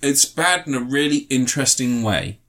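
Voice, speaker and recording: A man's voice: mid-range voice, normal speed, fairly bright tone. A man chatting casually on a film podcast, rambling through the plot with frequent laughs and acted-out lines. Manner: rambling, laughs often, acts out scenes in put-on voices. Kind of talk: casual film review chat.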